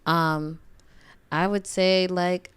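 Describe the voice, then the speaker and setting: A young woman, a mother, giving casual advice in a reflective, lively way. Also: lowish voice, very slow, smooth. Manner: reflective, animated when acting out inner voices. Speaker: guest mother.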